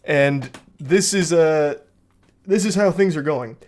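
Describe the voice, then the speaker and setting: A man narrating a commentary video, reading messages aloud in a steady voice and adding dry remarks. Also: a little high, takes it slowly.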